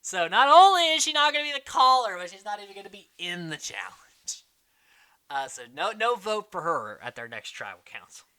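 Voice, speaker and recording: A podcast host in casual chat, rambling and excitable, packing the talk with fillers. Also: medium pitch, a little fast, smooth. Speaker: podcast host recapping a reality show.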